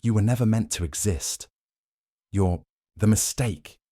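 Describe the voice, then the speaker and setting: A man voicing the hero's ruthless male double in an audio story, flat and without warmth. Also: on the low side, unhurried, dry recording, studio quality, pitched above the performer's own voice. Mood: cold.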